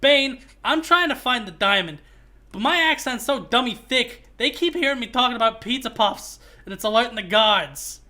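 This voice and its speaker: A streamer voicing a loud man with a thick Chicago accent who brags about where he is from. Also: medium pitch, sing-song, slow pace, hardly any pauses, full character voice. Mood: boastful. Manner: boastful, loud, rambling about pizza.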